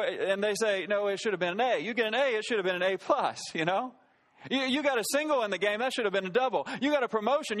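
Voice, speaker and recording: A man's voice: extremely high pitch, a bit bright. A man preaching a sermon, telling a self-deprecating story and joking as he goes. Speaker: pastor.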